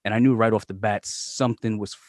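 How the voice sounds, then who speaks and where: A man's voice: on the low side, steady tone, a little fast, a little mellow, dry recording, clean studio sound. A man hosting a casual podcast chat, swearing freely and joking loosely with his guest. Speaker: podcast host.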